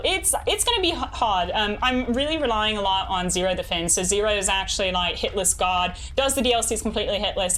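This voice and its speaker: A young woman, chatting casually with her live chat while gaming, bubbly and quick to laugh. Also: medium pitch, a bit bright, a little hiss or hum. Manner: bubbly, laughs often, reads chat aloud. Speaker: streamer.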